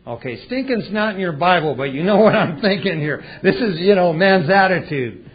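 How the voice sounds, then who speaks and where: Folksy, dynamic male preacher, higher voice. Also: animated, normal speed, a little hiss or hum. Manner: dynamic, swinging between loud and hushed, folksy. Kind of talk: sermon. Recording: dull lo-fi recording.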